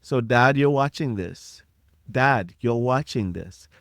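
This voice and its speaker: Speaking slowly in a mid-range voice with a fairly bright tone, a middle-aged podcast host rants on his own show. He preaches passionately at his audience, hammering points by repeating them. The sound is clean studio audio with no room sound.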